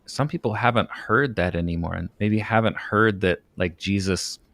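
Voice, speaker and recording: A man co-hosting a podcast, speaking in a halting, hesitant way and asking questions of the others. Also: on the low side, a bit bright. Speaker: podcast co-host. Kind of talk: casual podcast discussion.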